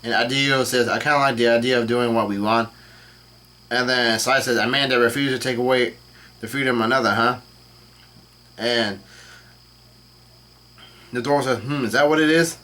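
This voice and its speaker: A man casually reading a comic chapter aloud and commenting on it, with the dialogue in a flat voice and frequent fillers and self-corrections. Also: mid-range voice, moderate pace, long pauses. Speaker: channel host reacting to a comic chapter.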